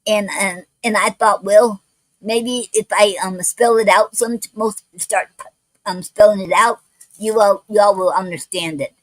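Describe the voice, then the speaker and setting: A woman hosts a poetry livestream at her home mic, stumbling and restarting as she goes and carefully spelling out words. Some of her words don't come out clearly. The sound is dry and close, with a middle-pitched voice. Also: fairly even intonation, dry recording, low-quality recording. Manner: halting, many restarts and fillers, spells out words letter by letter. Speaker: poetry show host. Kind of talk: casual livestream talk.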